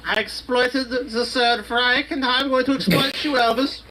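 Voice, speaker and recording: A man playing a sly, slow-talking showbiz manager. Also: very high voice, steady tone, bright, forceful tone, slight background noise, pitched above the performer's own voice, rough recording. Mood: scheming. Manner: slow, wheedling, dismissive.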